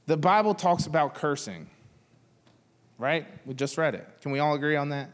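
A man's voice: a little high, expressive, normal speed, long reverb tail. A man in his thirties preaching a sermon, talking casually and joking with the congregation. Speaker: pastor.

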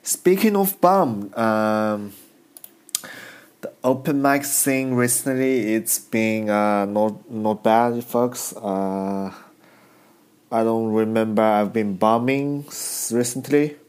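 Slow, halting male comedian. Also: lowish voice, darkish tone, clear, resonant tone. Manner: halting, broken grammar, many restarts. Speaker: stand-up comedian. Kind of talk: casual comedy monologue.

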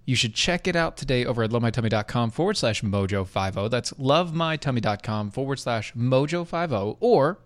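A male podcast co-host talking in loose, rambling casual chat, stumbling through restarts and dropping sarcastic asides. His voice sits at an ordinary pitch, recorded close with no room sound. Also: lively intonation, fairly quick, few pauses, no echo.

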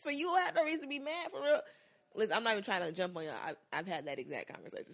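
A young woman co-hosts a casual podcast. She talks in a lively way and acts out little quoted voices as she goes, laughing often. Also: mid-range voice, racing. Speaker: podcast co-host.

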